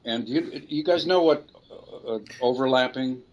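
A man's voice: mid-range voice, unhurried, darkish tone, low-quality recording. An older man, a voice actor, telling rambling anecdotes in an interview and often correcting himself mid-sentence. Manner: rambling, self-correcting storyteller. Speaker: voice actor guest.

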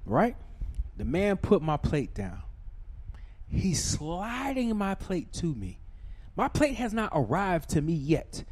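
A man telling a profane, ranting story, swinging from shouting to low muttering. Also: very animated, takes it slowly.

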